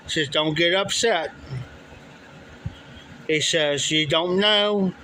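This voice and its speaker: A man's voice: fairly high pitch, slow, bright, forceful tone, slight background noise, poor audio. A man casually telling a long story, rambling and repeating "he says" and "I said" as he quotes people. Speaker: livestream storyteller. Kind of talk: casual spoken anecdote.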